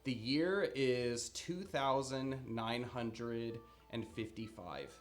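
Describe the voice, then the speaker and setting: A man narrates a tabletop game as its game master, with a loose, casual delivery. His voice sits at a middling pitch, and faint music plays behind him. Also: takes it slowly. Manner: casual, filler-heavy narration.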